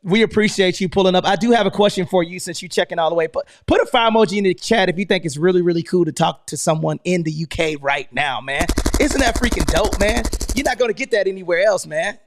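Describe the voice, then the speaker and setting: A man's voice: sits high, fast, hardly any pauses. A man hosting a live real estate stream, talking casually and energetically with lots of slang and repeated "man". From United States. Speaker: host.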